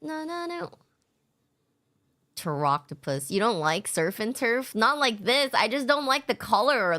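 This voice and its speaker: A woman's voice: lowish voice, fairly bright tone. A young adult woman streamer chatting casually with her chat, laid-back, swearing often and laughing a lot. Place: home streaming setup.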